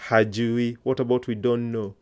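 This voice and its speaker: A man's voice: mid-range voice, level tone, moderate pace, darkish tone, clear, resonant tone. A man teaching an online language lesson, patiently coaxing learners to answer aloud.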